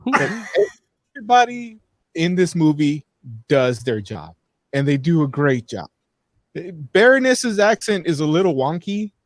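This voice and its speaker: A man's voice: on the high side, sing-song, a little slow, dry recording. A man co-hosting a live talk show, rambling casually through frank movie opinions with many restarts. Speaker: podcast co-host.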